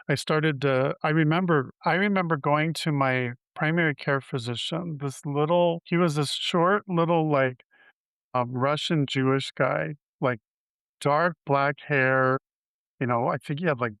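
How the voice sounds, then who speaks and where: A man in his fifties shares his life story as an interview guest, with a smooth, resonant voice at a middling pitch. He talks candidly, stopping and restarting as he works through his memories. The recording is dry and close, with no room sound. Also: fairly bright tone, dry recording. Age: 50s. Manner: candid, halting, with frequent restarts.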